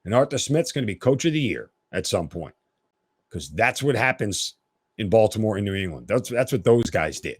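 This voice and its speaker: Male solo sports podcaster, opinionated and lively, dry booth sound. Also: on the low side, moderate pace, slightly rough, no room sound. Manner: animated, opinionated, blunt. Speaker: podcast host.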